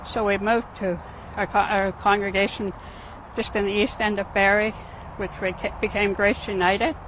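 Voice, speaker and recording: High-voiced man giving halting testimony. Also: level tone, background noise. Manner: plain, halting, with restarts. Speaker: longtime church member. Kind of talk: personal testimony.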